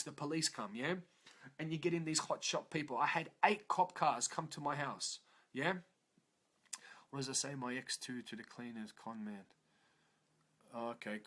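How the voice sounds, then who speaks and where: Speaking in a slightly high, somewhat bright voice, an Australian man vlogs motivationally about his own life. It's confessional, raw, emotional, and full of profanity, with "yeah?" tag questions coming up often.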